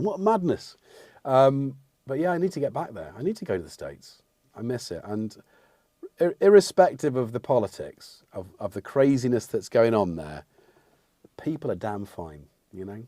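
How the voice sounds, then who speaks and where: English guy rambling on a livestream, warm mellow voice, dry close mic, jokes about himself. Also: mid-range voice, sing-song, normal speed, dry recording. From England. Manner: rambling, chatty, reads out and answers chat, self-mocking. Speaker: livestream host. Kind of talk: casual livestream chat.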